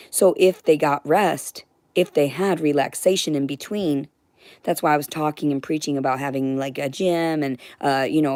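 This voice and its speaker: A woman's voice: sits low, darkish tone, no room sound, clean studio sound. A woman delivering a heated, rambling monologue to her viewers, swearing freely as she goes. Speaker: livestreamer.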